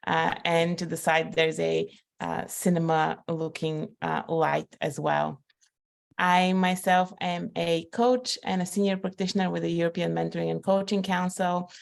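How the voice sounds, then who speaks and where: A woman from Bulgaria, a coach introducing herself on a panel over a video call, measured and pausing between phrases. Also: lowish voice, flat delivery, vocal fry.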